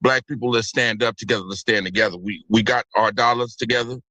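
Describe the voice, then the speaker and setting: A male caller whose voice has a bright, forceful edge and a dry, close sound. He talks with fervor and keeps repeating his rallying lines as he speaks. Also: medium pitch, steady tone, fast talker, dry recording. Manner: fervent, repetitive rallying talk. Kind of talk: casual call-in chat.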